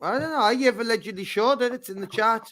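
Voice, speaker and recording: A man's voice: high-pitched, fast, sharp tone. A man in casual live-stream banter, mocking and stirring jokes on a home microphone.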